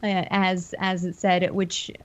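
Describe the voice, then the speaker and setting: A woman's voice: on the low side, flat delivery, slow. A woman narrating a tabletop horror game as game master, describing scenes with many fillers and restarts. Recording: lo-fi call audio.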